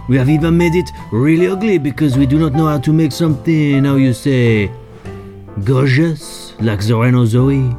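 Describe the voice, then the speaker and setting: A man's voice: medium pitch, lightly acted. A man voicing a mock-earnest carmaker spokesman in a put-on French accent, in a spoof ad. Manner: mock-earnest, self-deprecating. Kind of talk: spoof radio ad. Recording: music bed behind voice. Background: loud backing music.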